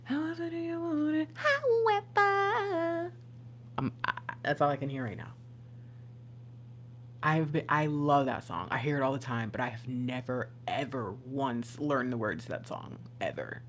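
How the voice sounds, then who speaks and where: An excitable woman giving a casual tarot reading, swinging from loud exclamations to hushed whispers. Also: rumbling low, normal speed, slight background noise. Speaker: intuitive tarot reader.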